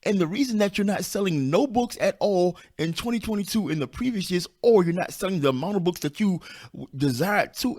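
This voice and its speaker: A squeaky, somewhat high-pitched man in his fifties talks through an unscripted motivational podcast monologue. His voice has a gravelly edge, and he speaks bluntly and down-to-earth, hammering his main points by saying them again. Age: 50s. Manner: emphatic, repeats key points for stress. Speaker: podcast host and self-publishing coach.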